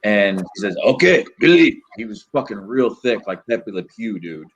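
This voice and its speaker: Profane, rambling male storyteller, low voice. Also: normal speed, slightly rough, dull audio. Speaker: host. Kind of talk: casual storytelling chat.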